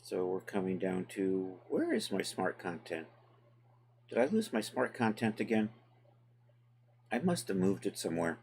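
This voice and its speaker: A man with a fairly low voice, walking viewers through a software task during a live stream. He chats easily with his audience and narrates each click as he goes, loose and unscripted. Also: unhurried, long pauses, slight background noise. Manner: relaxed, chatty, talks to chat while working. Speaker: livestream host and 3D software tutor. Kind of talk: casual live tutorial, thinking aloud.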